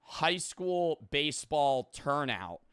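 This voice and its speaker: A man's voice: fairly high pitch, big pitch swings, slow, fairly bright tone, clean tone, dry recording, clean studio sound. A man streaming his reaction to a video, rambling casually and swearing freely. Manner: rambling, profane, offhand.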